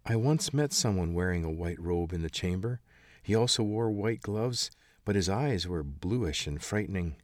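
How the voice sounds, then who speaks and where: A man's voice: sits low, lively intonation, moderate pace, no echo. A man voicing a timid, honest young woman. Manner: hesitant, gentle and polite. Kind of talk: audiobook character voice.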